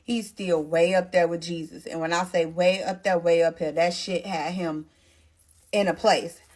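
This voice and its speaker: A woman's voice: lowish voice, steady tone, normal speed, a little mellow. A pregnant woman telling a storytime vlog, speaking straight to her viewers and repeating phrases for stress.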